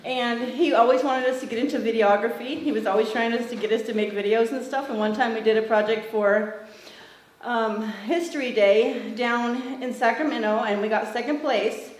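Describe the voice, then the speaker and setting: High-voiced woman speaking at a memorial. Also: fairly even intonation, normal speed. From Northern California. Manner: conversational, many fillers and restarts. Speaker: former student giving a eulogy. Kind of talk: memorial tribute speech. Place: memorial gathering in a roomy hall. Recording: roomy echo with faint ambient noise.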